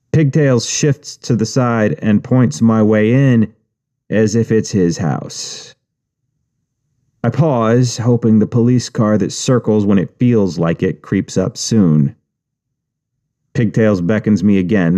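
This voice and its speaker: A man's voice: on the low side, dark tone. A man narrating an audiobook in the first person, with a wry, profane inner-monologue manner.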